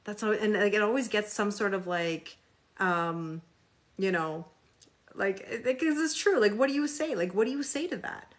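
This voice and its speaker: A woman with a medium-pitched voice, speaking at normal speed, hosts a live tarot reading. She chats casually and sarcastically with viewers while reading card meanings aloud.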